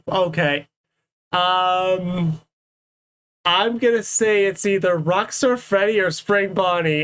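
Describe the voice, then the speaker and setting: A woman's voice: mid-range voice, a bit bright. A woman doing casual, giggly game commentary, swearing often as she reads the story. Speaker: let's player.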